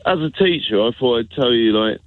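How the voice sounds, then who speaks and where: A man's voice: medium pitch, animated, fairly quick, no echo. A man, a teacher from Dorset, calling a radio show and rambling in a chatty way. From Dorset, England. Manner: chatty, rambling, says "right" often. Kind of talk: radio phone-in call. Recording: dry phone line.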